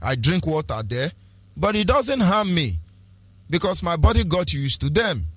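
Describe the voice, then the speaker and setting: Man, Nigerian accent, preachy radio talk, rhetorical repetition, slightly high pitch, dry sound. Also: sing-song, unhurried, fairly bright tone, slightly rough, no room sound. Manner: preachy, rhetorical, switches into pidgin, repeats phrases. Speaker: radio broadcaster. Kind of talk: impassioned political radio talk.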